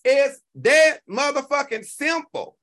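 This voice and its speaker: High, bright-voiced animated man. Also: takes it slowly. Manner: animated, profane, talks back to chat. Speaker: live stream host. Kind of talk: casual live stream commentary.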